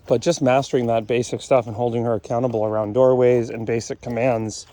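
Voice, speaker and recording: A dog trainer talks through an outdoor session in a blunt, matter-of-fact manner, giving casual explanatory commentary. His medium-pitched voice is warm, a little fast, and shows little pitch movement.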